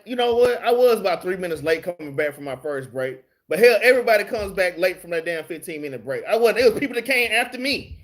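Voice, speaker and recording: A man with a fairly high voice runs a casual Bible study into his phone. He talks streetwise and slangy, drops curses mid-lesson, and keeps calling his listeners y'all and man. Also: fairly bright tone. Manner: slangy, streetwise, swears freely while preaching. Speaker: Bible class teacher.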